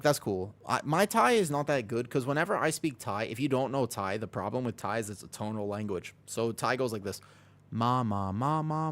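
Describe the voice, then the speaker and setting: Rambling casual male streamer. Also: medium pitch. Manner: rambling, self-deprecating, reads chat aloud. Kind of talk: casual chat with live chat. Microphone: desk microphone.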